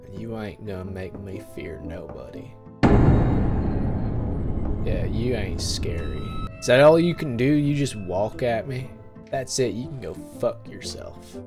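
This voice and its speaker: A man's voice: lowish voice, wildly swooping pitch, unhurried, exaggerated voice. A man voicing a boastful, taunting Southern tough guy with a put-on Southern drawl. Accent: American Southern, put on. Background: game music.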